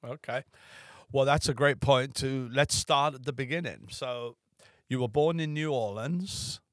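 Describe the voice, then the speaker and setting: A man's voice: medium pitch, unhurried. Man asking conversational interview questions. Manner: conversational questions with short acknowledgments. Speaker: podcast host.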